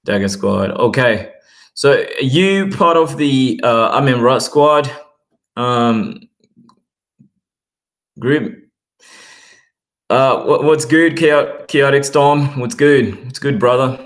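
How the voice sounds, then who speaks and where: A man's voice: medium pitch, takes it slowly, pauses often, roomy sound. A man with a mixed Australian and British accent, rambling in a casual livestream chat as he talks to viewers.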